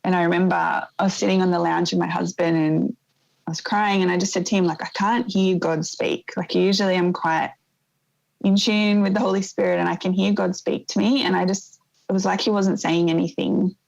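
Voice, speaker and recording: A woman in her thirties telling a painful personal story in an interview, in a soft, reflective way that often halts and starts again. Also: lowish voice, flat delivery, gravelly, highs cut off. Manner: soft, reflective, halting with restarts. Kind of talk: emotional personal testimony.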